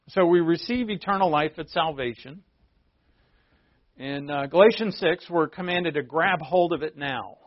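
A pastor with a slightly high voice preaches a conversational sermon, unhurried and pausing often as he explains a Bible passage with frequent rhetorical asides. The sound is dull and lo-fi, with no echo.

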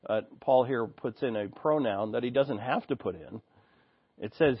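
A man's voice: mid-range voice, moderate pace, husky, no echo, highs cut off. A man preaching an expository sermon, reading scripture aloud and explaining it in an earnest, teaching way, thinking aloud with restarts.

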